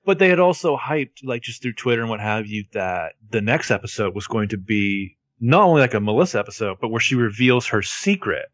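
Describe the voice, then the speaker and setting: A man's voice: medium pitch, no room sound. A man in casual conversation, walking through a TV episode beat by beat. His phrasing stretches out and is dotted with fillers. The recording is dry, with no room sound around the voice. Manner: relaxed, drawn-out phrasing with many fillers. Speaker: podcast co-host. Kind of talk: casual recap chat.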